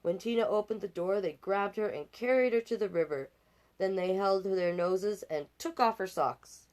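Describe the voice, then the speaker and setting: A woman's voice: medium pitch, moderate pace, darkish tone. A woman from Canada reading a picture book aloud as storytime host, with chatty asides and playful sound effects.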